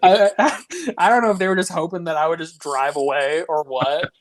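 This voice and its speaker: A man's voice: a little high, steady tone, fairly quick. A young man co-hosting a podcast, telling a long story in casual, rambling fashion, packed with "like" and swearing. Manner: rambling, full of "like", swears freely. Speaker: podcast co-host.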